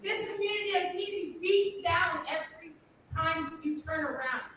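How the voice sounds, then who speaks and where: Scolding high-voiced woman in an echoing hall. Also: moderate pace, fairly bright tone, a little hiss or hum. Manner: confrontational, scolding, mocking. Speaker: public commenter at a township meeting. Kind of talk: angry public comment. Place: township board meeting room. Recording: echoey hall from far off.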